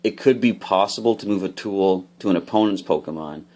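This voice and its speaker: A man casually opening trading card packs, explaining each card's rules with bursts of excitement. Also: deep voice, a little fast. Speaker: card unboxing host. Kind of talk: casual unboxing commentary.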